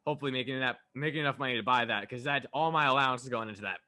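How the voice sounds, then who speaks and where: A young man co-hosting a casual podcast chat, playful and quick to laugh and correct details. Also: mid-range voice, bright, forceful tone, no room sound. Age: young adult. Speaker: podcast co-host.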